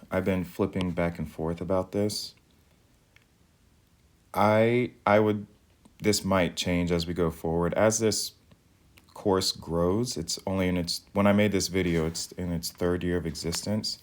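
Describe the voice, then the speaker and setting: Deep-voiced man teaching math. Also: measured pace. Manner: calm, methodical, explains step by step. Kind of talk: recorded video lesson.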